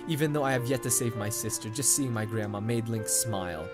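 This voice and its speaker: A man's voice: fairly low pitch, brisk. A man hosting a let's play, chatting and joking in a rambling way over his gameplay, on a condenser mic. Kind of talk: game commentary. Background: game music.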